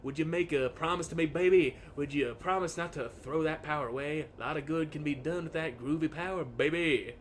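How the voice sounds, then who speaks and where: A man's voice: fairly high pitch, a little fast, few pauses, slight background noise, close to an everyday voice. A man voicing a laid-back hipster character in a video game, coaxing in groovy slang. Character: smooth-talking groovy man who calls everyone baby.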